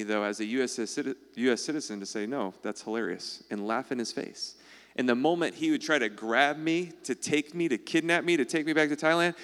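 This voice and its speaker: A man, teaching a live audience, animated and full of rhetorical questions, constantly checking in with "all right?" and "okay?". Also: mid-range voice, clear, resonant tone. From United States. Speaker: speaker addressing a live audience. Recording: long hall reverb.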